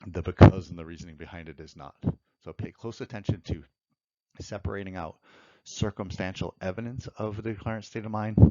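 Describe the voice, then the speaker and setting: A man's voice: sits low, fairly even intonation, a little fast, warm tone, muffled recording. A man teaching evidence law in a methodical lecture, walking through courtroom examples step by step. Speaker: law instructor.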